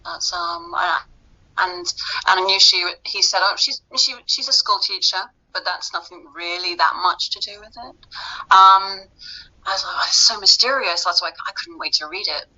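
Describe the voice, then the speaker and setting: Woman, British accent, very bright tone, chatty interview talk, lots of fillers, dull lo-fi sound. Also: medium pitch, expressive, normal speed. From Britain. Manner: chatty, laughing often, many fillers and restarts. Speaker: actress being interviewed. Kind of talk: casual interview chat.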